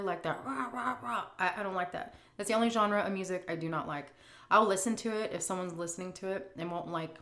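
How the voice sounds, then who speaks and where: A middle-aged woman food vlogger telling a story and answering questions in a chatty, animated way full of fillers. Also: medium pitch. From United States. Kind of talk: casual storytelling and Q&A.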